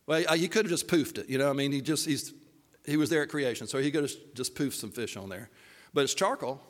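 A man preaching a sermon as animated, humorous storytelling, slipping into voices for the characters. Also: mid-range voice, fast, big-room sound.

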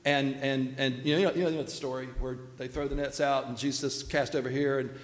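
A man's voice: mid-range voice, flat delivery, a little fast, big-room sound. A man preaching a sermon in a folksy, storytelling manner, acting out the quotes. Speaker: pastor.

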